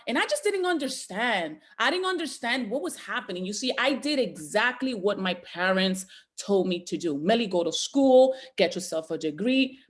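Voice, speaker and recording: A woman from the Bronx giving a motivational talk on a video call, telling her story emphatically to the audience. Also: a little high. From the Bronx, New York. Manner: emphatic, storytelling, addresses "ladies and gentlemen". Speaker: guest speaker and motivational educator.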